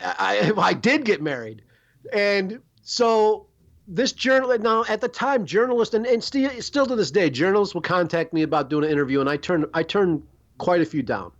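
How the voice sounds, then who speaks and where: A man's voice: high-pitched, normal speed, lo-fi sound. Rambling, profane man. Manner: rambling, profane, animated storyteller. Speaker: podcast host. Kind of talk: storytelling chat.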